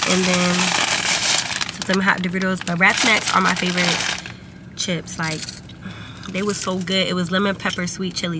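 A young woman chatting casually to her viewers while riding in a car, loose and laughing as she tells stories. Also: medium pitch. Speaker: vlogger. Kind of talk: casual chat to camera. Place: in a car on the road. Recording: loud vehicle noise behind voice.

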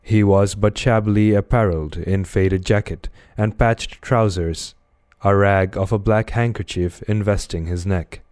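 A man reads a classic novel aloud, measured and expressive. His deep, smooth voice sits close to a dry microphone. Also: dry recording. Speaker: audiobook reader.

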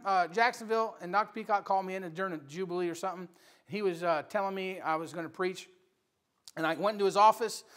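High-voiced preacher, emphatic and loud. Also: male voice. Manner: emphatic, swings from quiet asides to loud exhortation. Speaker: pastor. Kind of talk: sermon. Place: church.

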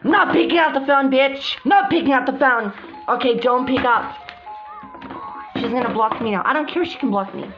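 A woman voicing several girl characters in a hobby drama, exclaiming frantically and swinging between shouts and mutters. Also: high-pitched, normal speed. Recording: dull lo-fi recording with music behind.

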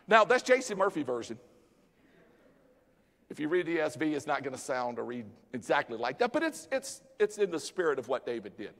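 A male pastor preaches with dramatic flair and casual, joking slang. His voice sits a bit high and leaps up and down as he builds the story. The sound rings out through a large sanctuary with a long tail of echo. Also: very animated, a little fast, fairly bright tone. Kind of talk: sermon. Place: church sanctuary. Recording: long church hall reverb.

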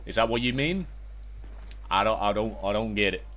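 A man's voice: on the low side, normal speed. A young British man streaming a zombie game, chatting to viewers and yelping and cursing at the game. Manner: excitable, yelps and shouts at the game, chats to viewers. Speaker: livestreamer. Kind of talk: casual gaming livestream commentary.

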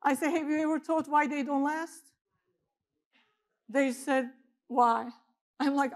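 A middle-aged woman pastor, preaching a sermon in an animated storytelling way that swings between loud emphasis and quiet asides. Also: high voice, takes it slowly, pauses often.

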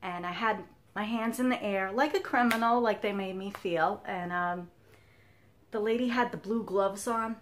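A woman's voice: mid-range voice, normal speed, a little hiss or hum. A woman in her fifties talking candidly to camera as a cross stitch vlogger, telling a personal story and laughing often. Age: 50s.

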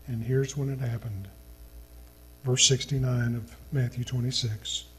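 A man preaching a sermon as a pastor, reading scripture in an earnest, slow manner that sinks to a hushed tone at solemn points. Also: mid-range voice, fairly even intonation, breathy edge, poor audio.

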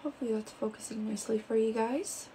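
Een vrouw die kletsend haarclips presenteert in een livestream. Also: female voice, a little high, steady tone, fast, warm tone, a little hiss or hum, rough recording. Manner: chatty, full of fillers like "um" and "like". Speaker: live shopping host. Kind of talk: casual live product demonstration. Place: indoors with a ring light.

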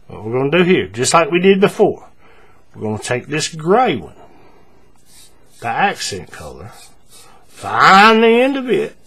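A man leads a casual paracord tutorial, explaining every step with many fillers and repeats. His voice is on the higher side and husky.

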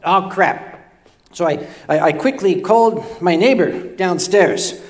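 A man's voice: high voice, slow. An older man telling a self-deprecating comic story on stage, stammering and repeating words as he goes. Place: convention stage before a live audience.

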